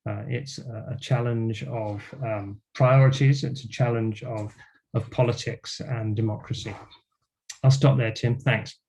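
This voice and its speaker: Older guy giving a lecture on a video call, warm mellow voice, lots of uhs. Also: medium pitch, steady tone, gravelly. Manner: measured lecturing with frequent fillers. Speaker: guest speaker. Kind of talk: academic talk.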